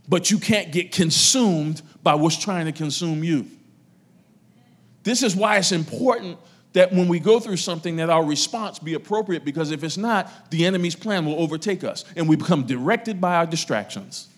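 Male pastor preaching to his congregation, somewhat high voice, loud emphasis then quiet asides. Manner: preaching with strong rises and drops in loudness. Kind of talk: sermon.

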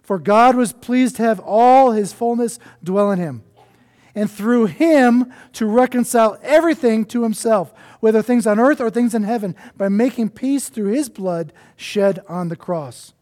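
A male pastor preaching a sermon in an earnest way, often dropping to a soft hush to stress a point. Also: high-pitched, measured pace.

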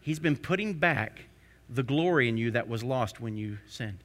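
A man preaching a sermon. He keeps asking the congregation rhetorical questions, building to emphatic peaks before dropping low again. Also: expressive, moderate pace, fairly bright tone.

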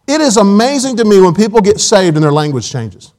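A man's voice: high voice, very animated, brisk, darkish tone, low-quality recording. A man preaching a sermon in a church auditorium, telling folksy personal stories with quoted asides.

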